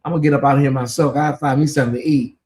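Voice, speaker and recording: A channel host giving sassy live commentary on a TV show, reading viewer names aloud and breaking into loud exclamations. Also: mid-range voice, fairly even intonation, racing.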